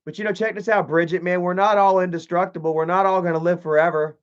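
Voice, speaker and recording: A man talking on a casual livestream in a profane, animated, mocking way. His voice sits a little high for a man. The audio is muffled and lo-fi. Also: fast, clean tone. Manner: profane, animated, mocking, reads chat aloud. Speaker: live streamer.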